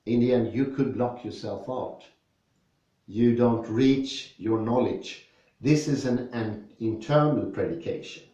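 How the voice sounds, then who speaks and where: A man from Sweden with a Swedish accent, discussing philosophy, reading passages aloud and then explaining them slowly and thoughtfully with personal examples. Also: medium pitch, dark tone, heavy reverb, recorded from a distance, lo-fi sound.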